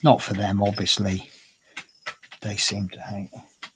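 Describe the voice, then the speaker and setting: A man's voice: on the low side, level tone, unhurried, slight background noise. A man chatting casually on a livestream from home, rambling and cooing at his cat. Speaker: streamer. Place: at home indoors.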